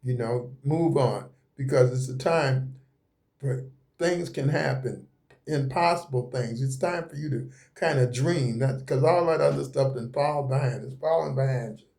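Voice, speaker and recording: Reading tarot at an indoor table covered with laid-out cards, this man speaks in an unhurried, gravelly, slightly mellow mid-range voice. His delivery is folksy and meandering, and he often says the same things over.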